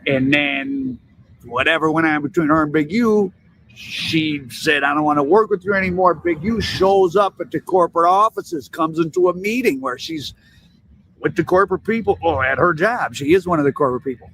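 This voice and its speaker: Man talking through stories, slightly high voice. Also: moderate pace, fairly bright tone, slight background noise, poor audio. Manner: conversational, retelling stories with asides. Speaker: commentator. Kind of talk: commentary, casual talk.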